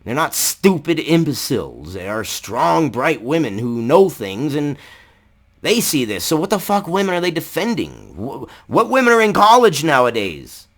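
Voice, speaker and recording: A man's voice: a little high, very animated, normal speed. A man ranting angrily in a vlog, swearing heavily, raising his voice and firing off rhetorical questions. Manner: profane, heated, shouting at times. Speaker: political commentary vlogger. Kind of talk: angry ranting commentary.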